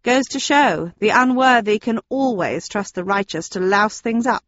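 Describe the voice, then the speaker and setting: A woman's voice: a little high, lively intonation, normal speed, a bit bright, no echo, lo-fi sound. A woman reading an audiobook, voicing a smug, gleeful villainous man who talks in a sneering, mocking way.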